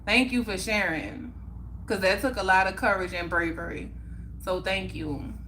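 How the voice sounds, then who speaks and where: A woman speaks with a bright, clear tone, hosting a casual livestream chat. She talks in an emphatic, heartfelt way and repeats phrases to drive her point home. A faint hum of room noise sits underneath. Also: medium pitch, normal speed. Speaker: livestream host.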